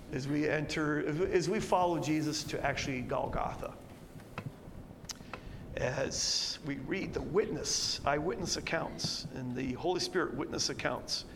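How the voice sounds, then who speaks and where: A male pastor preaching through scripture, voice swelling loud as he reads the verses and falling low and quiet to reflect. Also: long reverb tail, background noise. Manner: animated, rising loud when quoting verses, dropping low to reflect. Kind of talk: expository sermon reading scripture. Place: church sanctuary.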